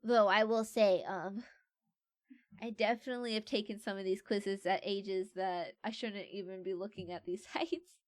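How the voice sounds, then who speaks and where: A woman's voice: mid-range voice, fairly even intonation, moderate pace, dry recording, clean studio sound. A young adult woman streamer in casual livestream chat, playfully reading quiz questions aloud and joking about them.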